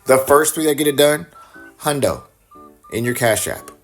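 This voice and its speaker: A man's voice: mid-range voice, expressive, normal speed, soft background music. A man hosting a podcast, giving repetitive step-by-step instructions in a teasing way and putting on a British accent. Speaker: podcast host. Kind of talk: recorded promo announcement.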